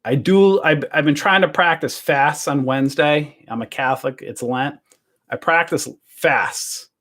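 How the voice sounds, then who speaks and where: A man's voice: a little high, measured pace, a bit bright. A man hosting a casual livestream from home during self-quarantine, joking and tossing rhetorical questions at his viewers. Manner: chatty and joking, asks the audience rhetorical questions. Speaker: livestream host. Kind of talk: casual rambling livestream rant.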